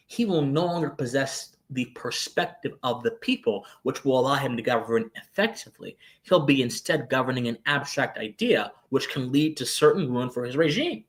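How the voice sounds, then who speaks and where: A man's voice: medium pitch, big pitch swings, normal speed, a bit bright. A man co-hosting a podcast, giving lecturing philosophical commentary with searching restarts and sudden emphatic jumps. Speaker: podcast co-host.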